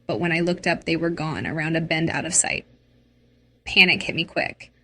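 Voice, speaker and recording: A woman's voice: low-pitched, normal speed, pushed and bright. A woman narrating a dramatic first-person story.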